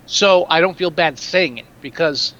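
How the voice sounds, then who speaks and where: On a dull lo-fi mic, a man co-hosts a casual movie review podcast, ranting about films in blunt, profane terms. His voice sits on the high side, pushed and bright, and he keeps a measured pace.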